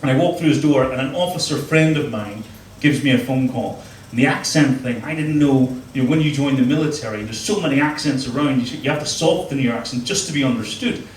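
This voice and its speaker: A man's voice: medium pitch, brisk, hardly any pauses, slight background noise. A middle-aged man doing a crude, self-mocking stand-up set on a club stage with a handheld mic. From Northern Ireland. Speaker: stand-up comedian. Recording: echoey club room, mic heard from a distance.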